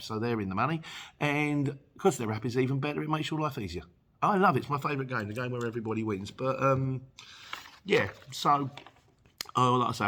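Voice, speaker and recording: A middle-aged man, hosting a casual Q&A and chatting jokily through viewer comments. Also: lowish voice. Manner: chatty and jokey, chuckles often. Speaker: channel host answering viewer questions.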